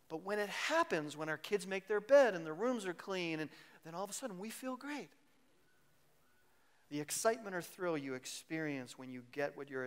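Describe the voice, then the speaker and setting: Animated male pastor preaching a sermon. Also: high-pitched. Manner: animated preaching that acts out worried inner voices.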